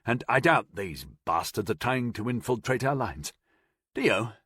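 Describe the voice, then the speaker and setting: A man's voice: mid-range voice, animated, moderate pace, fairly bright tone, husky, no echo. A man voicing a confident, seasoned male soldier, ragged and out of breath, with dry mockery. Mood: mocking. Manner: dryly mocking, ragged and breathless.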